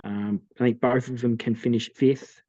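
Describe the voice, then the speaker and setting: A man's voice: mid-range voice, steady tone, moderate pace, warm tone, no echo, highs cut off. Laid-back Australian man previewing footy. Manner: laid-back, runs through team lists with fillers. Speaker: podcast co-host. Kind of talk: casual sports chat.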